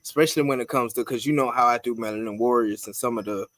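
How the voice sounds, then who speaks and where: A medium-pitched man talks fast on a podcast he co-hosts, with no echo on the audio. He tells stories in casual chat, swearing a lot and laughing often, keeping it profane and animated.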